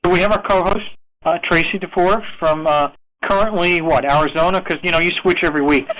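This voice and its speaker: A man's voice: high voice, fairly even intonation, fairly quick, a bit bright, rough recording. A man hosting a podcast in casual chat, teasing and joking with his co-hosts. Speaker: podcast host.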